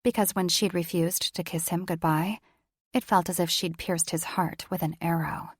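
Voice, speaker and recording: A woman narrating a paranormal romance audiobook in measured, steady storytelling. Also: fairly low pitch, slightly rough, no echo, studio quality. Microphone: studio microphone.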